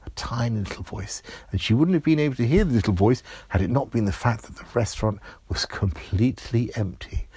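Male storyteller, lively children's tale, husky voice, dead dry room. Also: on the low side, dry recording. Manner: lively, building suspense, playful. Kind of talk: improvised children's story narration.

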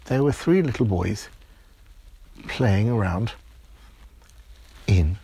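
Husky man telling a bedtime story. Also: on the low side, lively intonation, slow pace, dark tone.

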